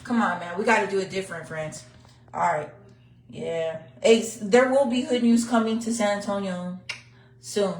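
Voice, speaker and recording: A woman's voice: mid-range voice, normal speed. Blunt woman, echoey and distant. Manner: blunt, heartfelt, swears freely. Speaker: local news livestreamer. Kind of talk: casual livestream monologue.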